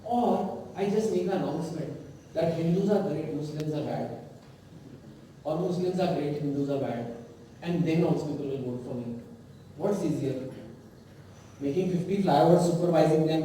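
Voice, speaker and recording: A man speaks at a conference, animated and emphatic, breaking into casual asides. His voice sits high and mellow. It is picked up from a distance in a very echoey hall. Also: a little hiss or hum. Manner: animated, rising to emphatic peaks, conversational asides. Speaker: author giving a talk. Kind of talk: conference speech.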